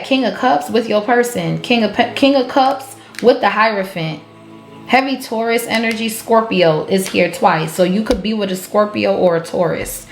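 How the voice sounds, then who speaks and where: A woman giving a collective tarot reading, blunt and profane, laughing often as she calls out the cards. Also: mid-range voice. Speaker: tarot reader. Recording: roomy echo with faint music.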